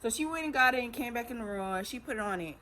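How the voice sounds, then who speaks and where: Teen vlogger, bright voice, chatty story, faint room hum behind. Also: female voice, fairly high pitch, rapid-fire. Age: teens. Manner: chatty, animated retelling with acted quotes. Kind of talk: casual storytelling.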